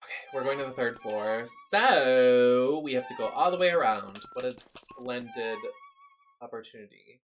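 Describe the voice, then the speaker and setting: A young adult streamer chats through a live game session in a sassy, animated way, swearing often. The voice sits mid-range in pitch. Game music plays clearly underneath. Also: moderate pace, few pauses. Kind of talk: live gameplay commentary.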